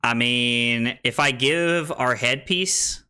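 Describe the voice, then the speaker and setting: A man's voice: mid-range voice, slow pace, sharp tone, smooth. A young American man casually commenting on his card game stream, thinking aloud with many restarts. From United States.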